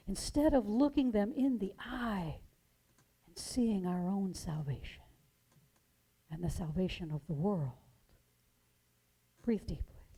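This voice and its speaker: A woman minister giving a sermon, telling stories in a gentle, measured way and dramatizing the quotes. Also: mid-range voice, rough recording. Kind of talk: sermon storytelling.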